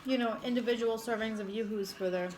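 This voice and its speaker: On her casual eating stream, a mukbang host talks quickly in a fairly high, somewhat mellow voice with fairly even intonation. She's a chatty storyteller who curses casually and laughs a lot. The audio is poor.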